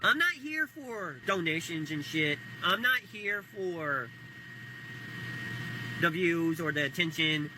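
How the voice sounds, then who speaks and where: A man's voice: fairly high pitch, lively intonation, slow pace, over music, poor audio. A young man rambling boastfully and self-amused in a casual monologue to camera as a social video creator.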